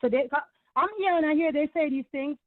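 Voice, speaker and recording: Woman caller, high voice, emphatic and repetitive, tinny dry phone line. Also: a little fast, no room sound. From Caribbean. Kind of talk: heated call-in rant.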